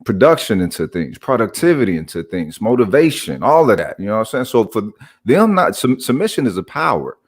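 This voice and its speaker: A man with a lower voice hosts a casual livestream chat. He talks in a relaxed, drawn-out way and keeps checking in with his listener using filler phrases. He sounds easygoing and conversational. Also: breathy edge. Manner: laid-back, drawn out, keeps saying "you know what I'm saying". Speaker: livestream host.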